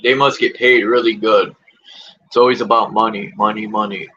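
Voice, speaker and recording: A man's voice: on the low side, steady tone, normal speed, bright, forceful tone, lo-fi sound, slight background noise. A man hosting a livestream, ranting in casual talk and repeatedly tossing in rhetorical questions. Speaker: livestream host.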